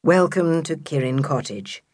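A woman voicing a stern, humourless clever man in a children's audiobook, speaking low and stiffly. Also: animated, measured pace, a little mellow, no room sound, studio quality. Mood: stiff welcome.

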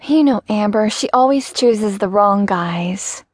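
A woman's voice: medium pitch, animated, dry recording, studio quality. A woman playing a nervous, rambling young woman. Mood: gossipy, uneasy. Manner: slow, rambling and sighing. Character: nervous, chatty young woman who sighs a lot.

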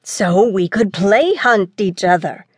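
A curious, daring boy prince, eager and full of teasing, as a woman narrator acts him out. He talks in a middle pitch, recorded dry and close for a children's audiobook. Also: expressive, slow, slightly rough, dry recording. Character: bold curious boy prince, younger brother.

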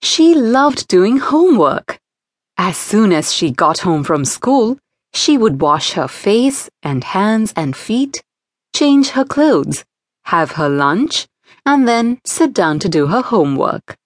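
A woman narrating a children's storybook in a gentle, expressive way. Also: mid-range voice, takes it slowly, no echo, clean studio sound. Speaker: audiobook narrator.

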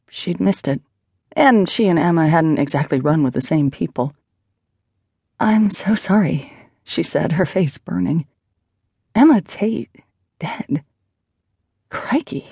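A woman's voice: on the low side, a little mellow, dry recording, clean studio sound. A woman narrating an audiobook in a wry, conversational manner. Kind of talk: scripted narration.

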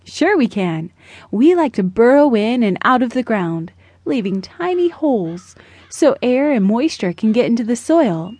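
A woman's voice: a little high, sing-song, a little slow, a little mellow, husky, no room sound, full character voice. A woman voicing a friendly, chatty little male worm in a children's storybook. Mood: explaining. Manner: cheerful, explaining.

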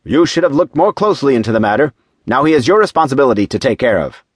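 A man's voice: mid-range voice, expressive, fast, husky, no room sound, clean studio sound, pitched above the performer's own voice. A man voicing a stern male angel who gives commands from a heavenly council in a storybook reading.

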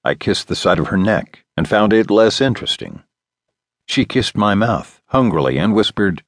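A man reads a first-person novel in a wry storytelling manner. His voice sits low, and its pitch moves a great deal from phrase to phrase. The studio recording is close and completely dry. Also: animated, normal speed, no room sound. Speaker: audiobook narrator. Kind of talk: scripted first-person narration.

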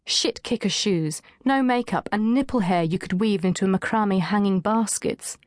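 Woman audiobook narrator, mid-pitched, wry delivery, dry studio read. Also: moderate pace, dry recording.

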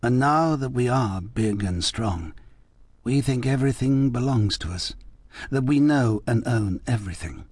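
A male narrator voicing a mysterious, wistful French woman, speaking slowly and in hushed tones. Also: medium pitch, expressive, husky, dry recording. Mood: musing. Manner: slow, hushed, musing speech. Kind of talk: audiobook character reading.

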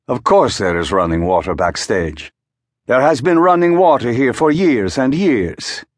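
Male narrator as a grand, fussy opera tenor; raised pitch, big gestures in the voice. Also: big pitch swings, a little slow, dry recording, studio quality. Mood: imperious. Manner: theatrical, fussy, self-important. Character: vain, dramatic star tenor, grown man.

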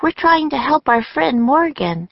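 A woman reading aloud voices an eager, brave young girl, lifting her voice high and bright, on a dull, dry recording. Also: big pitch swings, unhurried, creaky, no room sound, full character voice. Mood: earnest.

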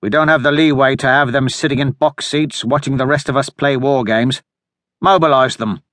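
A man's voice: mid-range voice, normal speed, a bit bright, dry recording, clean studio sound, lightly acted. A man voicing a grim young commander. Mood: firm.

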